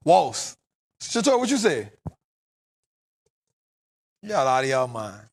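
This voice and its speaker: A man with a New Orleans accent hosting a casual podcast chat, animated and laughing often, repeating himself. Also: mid-range voice, takes it slowly. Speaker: podcast host.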